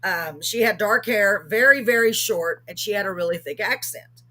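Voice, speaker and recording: A woman's voice: medium pitch, normal speed, pushed and bright. A woman hosting a live streamed show, telling a story casually and rambling with many ums and self-corrections.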